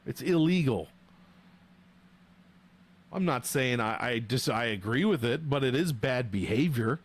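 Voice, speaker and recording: A man's voice: medium pitch, a little slow, slightly rough. Joking, profane young man streaming. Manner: profane, joking, animated banter. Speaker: livestream host rating fighter nicknames. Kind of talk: casual livestream chat with viewers.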